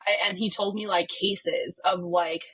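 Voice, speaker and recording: A woman's voice: medium pitch, fairly even intonation, a little slow, fairly bright tone, slightly rough. A woman in her thirties, a podcast guest, retelling a personal story with many "like" fillers and acted-out dialogue.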